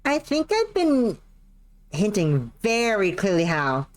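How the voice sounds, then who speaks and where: A streamer reading as a cocky young woman pilot from a sci-fi visual novel, blunt and taunting, lobbing jabs at her rival without a second thought. The voice sits a touch higher and livelier than the reader's own. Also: wildly swooping pitch, takes it slowly. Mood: teasing. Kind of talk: visual novel dialogue read aloud.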